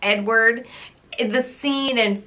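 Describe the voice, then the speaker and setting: Exasperated woman book reviewer, bright and fairly high, unhurried delivery. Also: steady tone. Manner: exasperated, emphatic, often laughing. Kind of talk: casual ranting book wrap-up.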